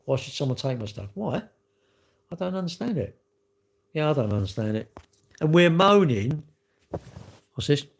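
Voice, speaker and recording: A man's voice: fairly high pitch, very animated, moderate pace, gravelly, pauses often. A man, talking straight to his viewers in a casual, ranting monologue. He is exasperated and keeps repeating himself. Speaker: vlogger.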